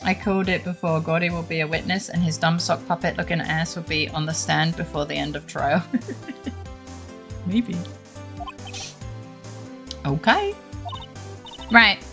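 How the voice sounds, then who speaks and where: A woman's voice: low-pitched, measured pace, vocal fry, long pauses, a bit bright, soft background music. A woman streamer giving casual, joking commentary and reading game dialogue aloud, often swearing and laughing.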